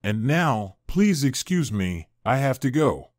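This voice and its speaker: A man voicing a calm, busy hospital doctor who speaks in a matter-of-fact, polite way. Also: medium pitch, slow pace, no echo, studio quality.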